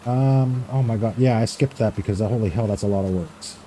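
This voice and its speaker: A man's voice: fairly low pitch, a little fast, hardly any pauses, dark tone, slight background noise. A man streaming a farming game, chatting casually, reading chat aloud, swearing freely and laughing easily.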